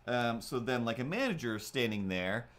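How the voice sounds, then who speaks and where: A man's voice: medium pitch, lively intonation, normal speed, a bit bright. Guy rambling on his livestream while drawing, lots of ums and likes. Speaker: livestream host.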